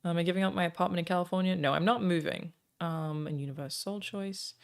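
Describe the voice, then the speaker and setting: A woman streaming from home, chatting casually into a desk microphone. Her voice sits a little low for a woman. She thanks viewers one by one and fills her pauses with soft "um"s. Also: gravelly. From Australia.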